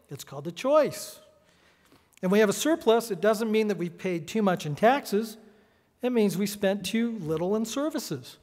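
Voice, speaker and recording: A middle-aged man giving a prepared speech as an editorial cartoonist, with a sardonic, punchy delivery. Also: high-pitched. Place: large hall. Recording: echoey hall reverb.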